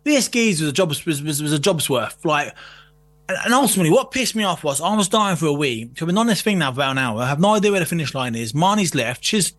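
A man's voice: fairly high pitch, expressive, fast talker, fairly bright tone, faint music behind. A man telling a long sweary anecdote in casual conversation, laughing often. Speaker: podcast guest. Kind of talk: casual storytelling chat.

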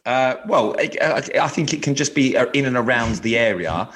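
A man's voice: mid-range voice, lively intonation, normal speed, fairly bright tone. Cheeky man co-hosting a podcast. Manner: cheeky, self-mocking, swears and laughs. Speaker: podcast co-host. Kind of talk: casual podcast banter.

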